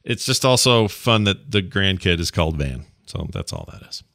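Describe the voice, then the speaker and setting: A man's voice: low-pitched, wildly swooping pitch, normal speed, vocal fry, a bit bright, no room sound, clean studio sound. A middle-aged man co-hosting a podcast in casual chat, joking and rambling, with mock rants. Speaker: podcast co-host.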